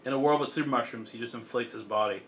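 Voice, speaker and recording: A young man casually recapping a story, with many fillers and laughs along the way. His voice is bright and forward, at an ordinary pitch. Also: fast talker, a little hiss or hum. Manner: rambling, filler-heavy, laughs often. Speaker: podcast co-host. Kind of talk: casual chat, recapping a comic.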